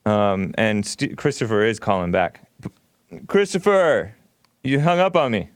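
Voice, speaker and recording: A man's voice: on the low side, animated, measured pace, clean tone, dry recording, clean studio sound. A man hosting a call-in radio talk show, blunt and provocative, often laughing as he argues with callers.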